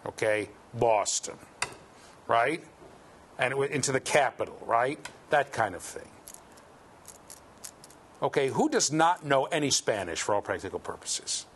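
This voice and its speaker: A man giving a university lecture, lively and joking as he quizzes his students. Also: mid-range voice, measured pace, pauses often, slight background noise. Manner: lively, jokey, quizzes the class. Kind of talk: classroom lecture. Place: lecture hall.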